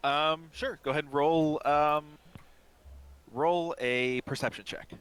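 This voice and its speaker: A man narrating as game master in a tabletop game, rambling and pausing often with fillers. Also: on the high side, fairly even intonation, fairly bright tone, clear, resonant tone.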